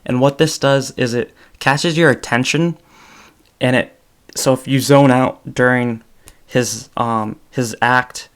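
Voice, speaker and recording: A man's voice: medium pitch, fairly even intonation, slow, a bit bright, clean tone. A young man hosting his own podcast, talking alone off the cuff, thinking aloud and correcting himself as he goes. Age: young adult. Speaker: podcast host. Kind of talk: unscripted solo talk.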